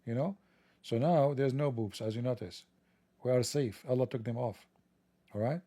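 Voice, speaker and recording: A man with a gravelly, dark voice delivers a sarcastic monologue, heavy on mockery and rambling asides. The sound is dry and close. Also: mid-range voice, dry recording. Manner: mocking, joking, rambling asides. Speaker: religion commentator.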